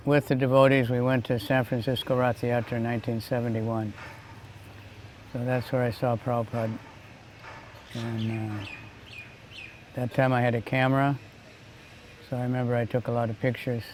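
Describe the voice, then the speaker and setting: Man recalling the past in a flat voice. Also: medium pitch, a little hiss or hum. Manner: even, unhurried, with fillers. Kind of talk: reflective recollection.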